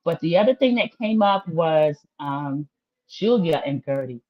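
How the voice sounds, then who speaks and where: A woman's voice: deep voice, expressive, unhurried, dull audio. A woman hosting a casual livestream recap of a reality show, chatty and opinionated, talking straight to her viewers.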